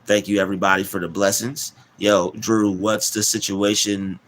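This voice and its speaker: A man hosting a casual live stream, rambling, repeating words and giving shout-outs to chat. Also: on the low side, little pitch movement, moderate pace.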